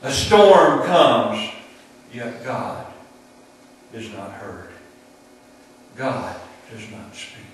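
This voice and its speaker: A male preacher delivers a sermon at an unhurried, measured pace, pausing between phrases for effect. His voice carries through a strongly reverberant room, picked up from some distance by the mic. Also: on the low side, big pitch swings, slight background noise. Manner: slow, deliberate storytelling with dramatic pauses. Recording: very echoey room, distant mic, faint ambience.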